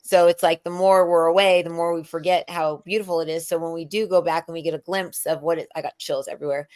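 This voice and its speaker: A middle-aged woman hosts a casual spiritual conversation. Her voice sits a little low, and she rambles loosely, full of fillers and false starts. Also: fairly even intonation, quick pace, darkish tone. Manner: rambling, lots of fillers and restarts. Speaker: show host.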